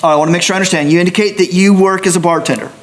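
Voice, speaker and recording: A man serving as a judge in a courtroom, explaining jury duty to prospective jurors in a measured, explanatory manner. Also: high-pitched, steady tone, a little hiss or hum.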